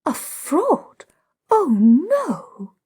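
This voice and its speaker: A woman's voice: mid-range voice, lively intonation, a little slow, dark tone, breathy edge, dry recording, clean studio sound. A woman reading an audiobook, voicing a society hostess who is effusive and exclaims eagerly over gossip.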